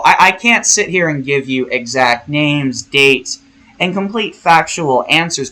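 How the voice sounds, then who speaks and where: A man's voice: on the high side, bright, forceful tone, rough recording. Rambling, theatrical male vlogger. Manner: rambling, profane, theatrical, jokey. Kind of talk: casual spiritual monologue.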